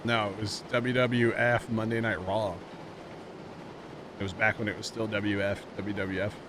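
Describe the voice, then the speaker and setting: A man's voice: fairly low pitch, normal speed. Rambling streamer man with background noise. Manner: rambling, animated storytelling with many fillers. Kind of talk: casual chat while streaming a game.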